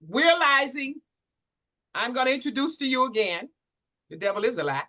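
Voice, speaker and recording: A woman's voice: high voice, sing-song, moderate pace, long pauses, sharp tone. Exuberant preacher-style woman host. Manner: exuberant, preacher-like, hypes the audience. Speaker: workshop host. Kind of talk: lively church-inflected hosting. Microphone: virtual workshop call.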